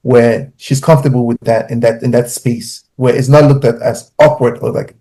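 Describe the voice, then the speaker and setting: A man, a father on a podcast panel, telling personal stories in an animated, heartfelt way. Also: medium pitch, moderate pace, low-quality recording. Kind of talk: casual podcast discussion.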